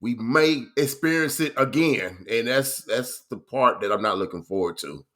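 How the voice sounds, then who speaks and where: A man speaking in a casual sports chat, slow and hesitant, with many fillers. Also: medium pitch, lively intonation, a bit bright.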